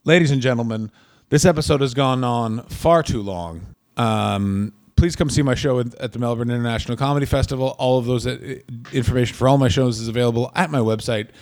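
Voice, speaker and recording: A man's voice: mid-range voice, a little fast, a little mellow. A man who does stand-up, co-hosting a casual podcast and telling crude, rambling stories. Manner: chatty, crude, rambling storyteller. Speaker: podcast co-host, stand-up comedian.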